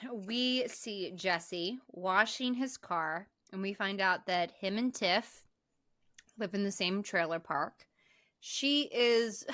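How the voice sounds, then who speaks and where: Bright-voiced woman recapping a film. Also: medium pitch, dry recording, clean studio sound. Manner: animated, laughs often, acts out quotes. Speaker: podcast co-host. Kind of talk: casual chat recapping a film.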